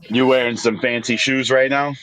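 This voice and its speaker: A man's voice: mid-range voice, steady tone, normal speed, fairly bright tone, slight background noise. A man with a Boston accent on a podcast, joking in a mock-therapist manner. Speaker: wrestler guest. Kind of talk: casual podcast chat.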